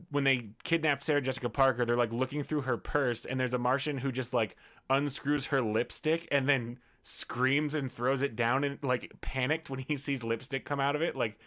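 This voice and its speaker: Man, podcast co-host, casual chat, animated, laughs a lot, mid-pitched voice. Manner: animated, laughs often while retelling scenes.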